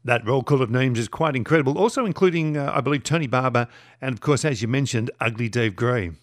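A man interviewing a guest, putting measured questions to him. His voice sits in a middle pitch, and he is heard from off-mic with a dry sound. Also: no room sound.

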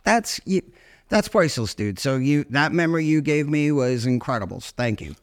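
A man's voice: a little high, expressive, normal speed, smooth. Joking, enthusiastic male co-host. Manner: enthusiastic, joking, calls people "man" and "dude". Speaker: podcast co-host. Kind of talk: casual interview chat.

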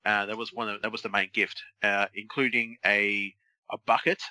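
A man's voice: fairly low pitch, level tone, normal speed, bright, forceful tone, no echo, rough recording. A man in his thirties co-hosting a casual podcast chat, teasing his co-host with crude banter.

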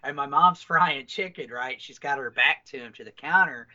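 A man's voice: mid-range voice, moderate pace, pushed and bright, lo-fi sound. A man co-hosting a podcast, telling rambling, profane family stories in casual chat. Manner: profane, rambling anecdotal storyteller. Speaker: podcast co-host.

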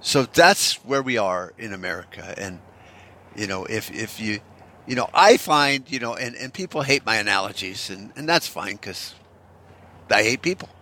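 A man's voice: fairly low pitch, animated, moderate pace, bright, forceful tone. A man giving rambling, profane, sarcastic commentary, unscripted and full of restarts.

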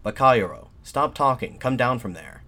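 A man voicing angry soldiers heckling from a crowd, in a loud, scornful way. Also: fairly low pitch, normal speed, husky. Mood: jeering.

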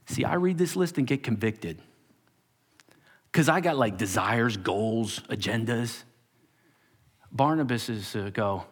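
A man's voice: mid-range voice, measured pace, long pauses, slightly rough. A male pastor giving a sermon to his church, acting out quoted voices and dropping to whispers for emphasis. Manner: animated, acts out quoted voices, drops to whispers.

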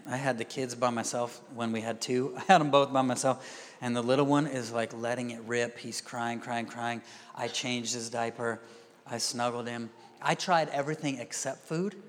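A man's voice: medium pitch, fairly even intonation, normal speed. A man preaching a sermon as a pastor, telling stories with acted-out quotes and often asking the crowd if they are with him. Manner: storytelling, acts out quoted voices; asks the crowd "are you with me?". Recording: long hall reverb.

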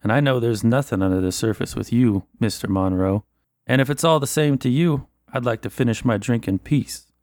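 A man voicing a blunt, suspicious 1920s police officer in a tabletop role-play, gruff and dismissive. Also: mid-range voice, brisk, darkish tone, dry recording, clean studio sound, lightly acted. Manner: gruff, plain-spoken, dismissive. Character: blunt suspicious male 1920s Boston cop.

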